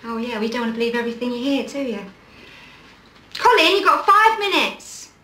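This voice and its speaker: A woman's voice: a little high, fairly even intonation, very fast, slightly rough. An actress playing a prim, chatty middle-aged woman who tries to sound posh, talking in a coaxing sing-song way in a film drama. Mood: cheerful bossy. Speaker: employer. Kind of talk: 1980s film drama acting.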